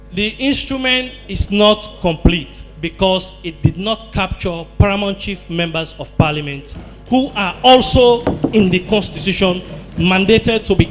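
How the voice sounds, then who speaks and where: A man's voice: high voice, a little hiss or hum. A man speaking as a member of parliament who politely and formally puts a request to the speaker. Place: parliament chamber.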